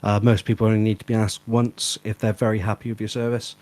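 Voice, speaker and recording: Guy chatting on a stream, lowish voice, dry mic, lots of ums, practical tips. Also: level tone, quick pace, a little mellow, no room sound. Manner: chatty, practical advice with fillers. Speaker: guest and fellow tradesman. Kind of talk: casual live stream chat.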